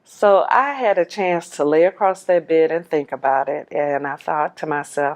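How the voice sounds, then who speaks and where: Animated woman telling her own story. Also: sits low, normal speed, few pauses. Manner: animated, acts out voices in quoted dialogue; laughs while telling. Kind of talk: personal storytelling.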